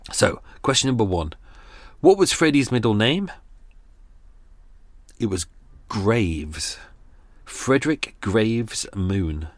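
Casting note: male podcast host, low voice, chatty and rambling, dry close sound. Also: no echo. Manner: chatty, rambling, with asides and laughs. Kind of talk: casual true-crime podcast wrap-up.

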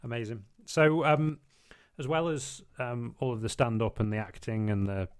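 A man's voice: medium pitch, steady tone, moderate pace, clear, resonant tone, no room sound, studio quality. A man hosting a podcast, asking polite, encouraging questions with a lot of hesitant ums. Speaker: podcast host. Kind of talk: interview questions.

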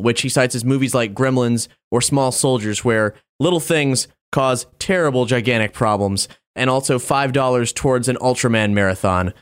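A man hosting a podcast, casually reading out donor thanks and messages in an upbeat way. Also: mid-range voice. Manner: upbeat, reads donor messages, laughs easily. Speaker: podcast host.

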